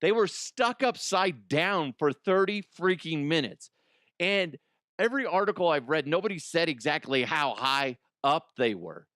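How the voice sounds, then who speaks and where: A man's voice: a little high, animated, measured pace, fairly bright tone, no room sound, clean studio sound. A middle-aged man hosting a podcast in a casual comedic monologue, rambling and profane, congested from allergies. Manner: rambling, profane, laughs at own jokes. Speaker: podcast host.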